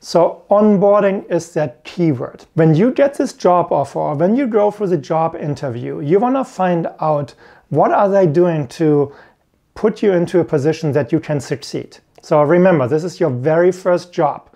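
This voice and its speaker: A man's voice: fairly high pitch, lively intonation, normal speed, creaky, warm tone. Earnest man coaching on IT careers. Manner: earnest, repeats key points. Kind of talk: instructional video talk.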